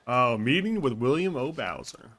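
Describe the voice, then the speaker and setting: Guy streamer thinking out loud to chat, curses a lot, mid pitch. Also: big pitch swings, normal speed. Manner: chatty, swears freely, thinks aloud. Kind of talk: casual out-of-character chat with viewers.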